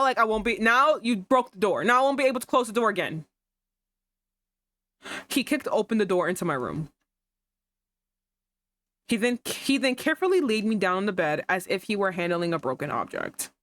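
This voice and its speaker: A woman's voice: mid-range voice, lively intonation, moderate pace, pauses often, fairly bright tone. A woman streamer reading a romance game aloud and breaking off into sarcastic, swearing asides.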